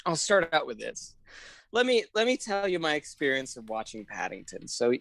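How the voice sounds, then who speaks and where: A woman co-hosting a podcast in casual chat, gushing and excitable, often laughing and swearing. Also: deep voice, normal speed, creaky, dry recording. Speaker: podcast co-host.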